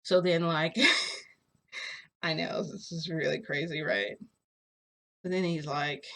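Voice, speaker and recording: A woman's voice: sits low, steady tone, takes it slowly, long pauses, fairly bright tone. A young adult woman telling a story as a casual vlogger. She rambles, hesitates and fills her speech with "like". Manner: rambling, filler-heavy, hesitant.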